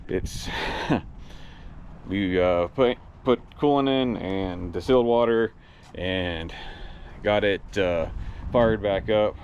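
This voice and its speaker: Winded guy with a lowish voice talking his way through fixing his truck, kinda rambly. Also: slow, darkish tone, muffled recording, a little hiss or hum. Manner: rambling, restarts mid-sentence, plain-spoken. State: out of breath, winded. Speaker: vlogger working on his truck. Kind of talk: casual vlog chat while working.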